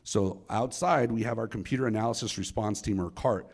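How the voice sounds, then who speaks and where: A middle-aged man and former federal agent, telling a case story to a live audience in an animated way and acting out the dialogue. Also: fairly low pitch, fairly quick. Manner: animated, acts out dialogue, addresses the crowd directly.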